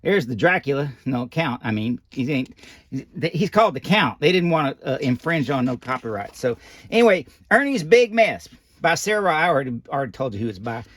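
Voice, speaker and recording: A man's voice: medium pitch, sing-song, fairly quick, fairly bright tone, no room sound. A man voicing a folksy old animatronic doll who reads a children's picture book aloud with rambling asides and loose grammar. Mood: chatty.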